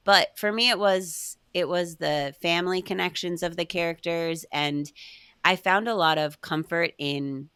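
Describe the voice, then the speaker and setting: A woman's voice: lowish voice, a little slow, fairly bright tone, clear, resonant tone, no room sound, clean studio sound. A woman guesting on a podcast, chatting casually and bubbly, laughing often, with many fillers.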